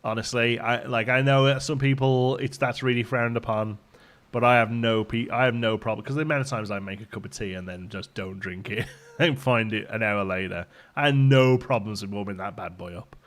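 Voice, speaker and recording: A man's voice: mid-range voice, steady tone, a little fast, a bit bright. A young man hosting a live stream, chatting casually with viewers and joking with laughs. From Britain. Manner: joking, laughs often, banters with chat. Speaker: livestream host.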